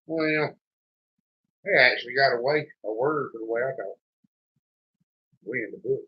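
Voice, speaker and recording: With a mid-range voice at a normal speed, this man hosts a homesteading show and chats in a folksy drawl. His thick rural accent is from North Carolina in the Southern US. The casual talk comes through with a dull, lo-fi sound.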